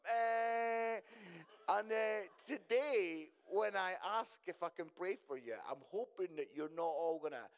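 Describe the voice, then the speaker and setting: A man's voice: a little high, clean tone. A middle-aged man giving a humorous sermon as a guest speaker at a church service. He is chatty and jokey and often tags his lines with "yeah?". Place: church service before a congregation.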